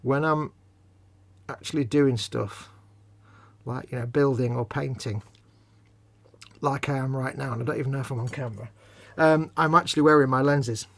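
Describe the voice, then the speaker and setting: A man's voice: medium pitch, steady tone, normal speed, vocal fry, long pauses, fairly bright tone, dry recording. A man co-hosting a live model-building stream, joking and teasing, explaining things at length. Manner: jokey, teasing, rambling explanations. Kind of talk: casual chat.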